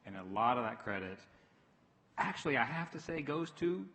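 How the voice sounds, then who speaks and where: A man in an onstage conversation, speaking in a dry, teasing, measured way. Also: mid-range voice, animated, sharp tone. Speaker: panel guest. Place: stage in a hall. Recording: reverberant hall.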